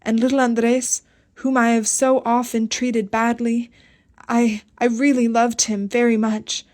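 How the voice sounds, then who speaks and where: A woman's voice: fairly high pitch, level tone, measured pace, a little mellow, lightly acted. A woman voicing a distraught young man in an audiobook, desperate and pleading, close to screaming. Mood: moved.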